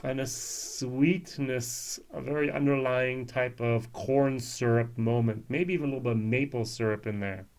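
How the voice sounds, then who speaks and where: A man's voice: medium pitch, steady tone, normal speed, few pauses, darkish tone. A man reviewing whisky in a casual, musing way, with frequent ums and restarts.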